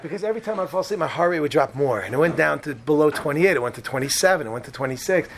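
Man, slightly high voice, lively comic storyteller who jumps into other people's voices; faint background noise. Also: racing. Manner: animated, acts out other people's lines.

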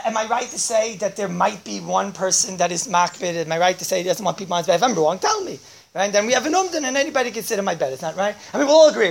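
A woman giving an informal class, talking animatedly, constantly checking in with her listeners and bursting into loud exclamations. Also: medium pitch, slight background noise. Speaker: teacher. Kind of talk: informal class talk to students.

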